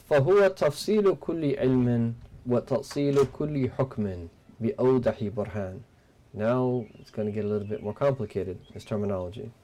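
A man giving a religious lesson, explaining a text in measured teaching talk and mixing in Arabic terms. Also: medium pitch, warm tone. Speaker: Islamic teacher.

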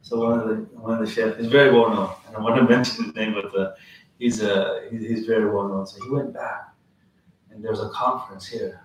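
Man, casual religious talk, animated storyteller, heavy room echo, mic set back. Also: lowish voice, a little fast. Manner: animated storyteller, acts out quoted voices, chuckles, restarts. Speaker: Islamic teacher. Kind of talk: informal religious lecture with storytelling. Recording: very echoey room, distant mic, faint noise.

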